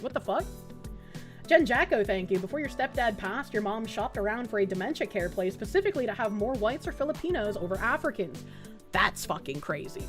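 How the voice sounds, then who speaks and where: Casual woman streamer, high voice, salty and giggly while reading chat. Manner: profane, quick to laugh, reads chat messages aloud.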